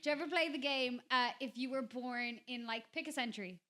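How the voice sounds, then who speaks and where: A woman, a stand-up comedian chatting as a guest on a live podcast and telling quick, animated stories. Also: sits high. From Ireland (Dublin). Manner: animated storytelling, quick bursts, laughs a lot.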